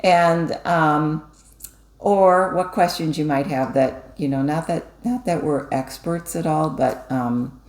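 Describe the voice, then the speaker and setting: A woman's voice: low voice, slow pace, darkish tone. A woman co-hosting a casual craft chat, talkative, with many fillers and restarts. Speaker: co-host. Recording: echoey room.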